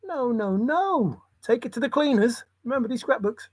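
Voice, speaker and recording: A man's voice: very high voice, expressive, normal speed, few pauses, dry recording. A man rambling in a solo monologue, muttering to himself and breaking into sudden exclamations. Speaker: channel host.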